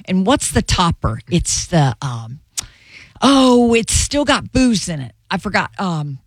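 A woman's voice: on the low side, very animated, slow pace, no echo. A middle-aged woman co-hosting a show, chatting casually and teasing with frequent laughter. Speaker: radio show co-host. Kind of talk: casual chat.

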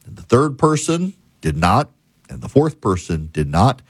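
A man's voice: medium pitch, sing-song, a little slow, slightly rough, dry recording. A middle-aged man hosting a talk radio show, telling stories emphatically and building to a punchline.

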